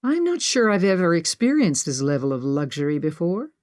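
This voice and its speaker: A woman voicing a sardonic young woman adventurer who jokes slowly and dryly. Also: on the low side, very animated, darkish tone. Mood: wry. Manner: sardonic, slow, joking.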